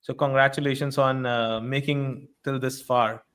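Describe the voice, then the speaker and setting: A male host talks through his points in a casual way. He repeats words as he finds his phrasing and keeps checking in with the listener. His voice has an ordinary middle pitch. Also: steady tone, moderate pace, fairly bright tone, smooth. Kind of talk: casual webinar interview.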